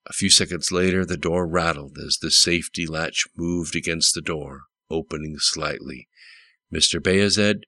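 A man narrating an audiobook with steady, plain storytelling. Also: extremely low pitch, moderate pace, hardly any pauses, no room sound.

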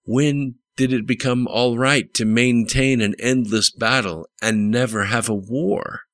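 A man's voice: medium pitch, steady tone, unhurried, fairly bright tone, dry recording, pitched above the performer's own voice, lightly acted. Man reading as an exasperated president. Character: frustrated male president, demanding answers.

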